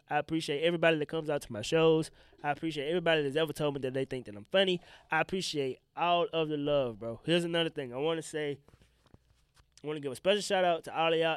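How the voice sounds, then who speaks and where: A man's voice: fairly high pitch, smooth, no room sound, studio quality. A young man with a congested voice and a tiring throat, hosting a casual solo podcast and talking to listeners in loose slang. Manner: loose, slangy and animated, addressing listeners directly. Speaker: podcast host.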